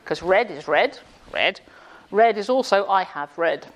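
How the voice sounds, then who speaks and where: A woman's voice: medium pitch, lively intonation, measured pace. A woman giving a classroom lecture with jokes, sarcastic and quizzing her audience in a room. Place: indoor room with a live audience.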